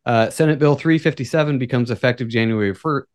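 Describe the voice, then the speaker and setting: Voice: medium pitch, fast, no echo, clean studio sound. A co-host in a casual chat podcast, wry and chiming in with asides.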